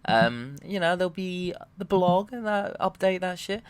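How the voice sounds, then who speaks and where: Loud, swearing man ranting. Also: sits high, lively intonation, measured pace, smooth. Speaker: comedian and podcast host. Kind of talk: ranting comedic monologue.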